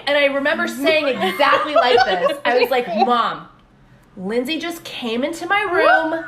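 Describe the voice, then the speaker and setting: A young woman co-hosts a podcast in a casual storytelling chat, swearing freely and laughing through her tales. Her voice sits high and swings widely in pitch. The room is echoey, with clear background noise. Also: normal speed. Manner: animated, swears a lot, laughs while telling stories. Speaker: podcast co-host.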